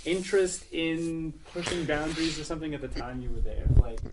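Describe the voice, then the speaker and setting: A man interviewing on the radio, asking halting, searching questions. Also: on the high side, noisy background.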